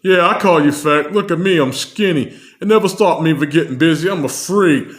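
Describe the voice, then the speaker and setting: A man's voice: a little high, a little fast, pitched above the performer's own voice, lightly acted. A man putting on the voice of a brash, boastful male rapper persona, rapping lyrics in a playful, exaggerated way. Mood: cocky. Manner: playful, exaggerated rap delivery.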